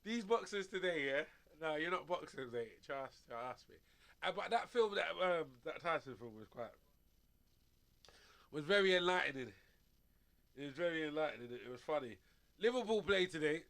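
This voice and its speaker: A man's voice: fairly high pitch, lively intonation, normal speed, fairly bright tone. A male radio sports show host, rambling in slangy studio banter and laughing often as he tells stories.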